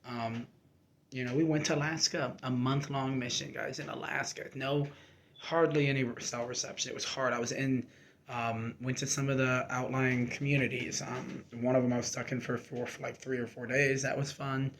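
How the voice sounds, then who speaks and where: A man's voice: mid-range voice, level tone, moderate pace, fairly bright tone, slight background noise. A young man candidly telling his own story, emotional and rambling, with many fillers and restarts. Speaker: army reservist sharing his story. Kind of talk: personal storytelling to camera.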